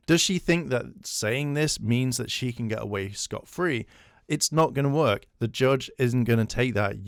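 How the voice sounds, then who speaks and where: A man's voice: mid-range voice, no room sound, clean studio sound. A man hosting reaction commentary, blunt, profane and scornful. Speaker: commentary host.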